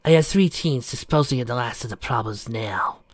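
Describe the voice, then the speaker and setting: Ruthless woman commander, voiced by a man, quiet, hushed, dry sound. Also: medium pitch, brisk, no echo, lightly acted. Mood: cold.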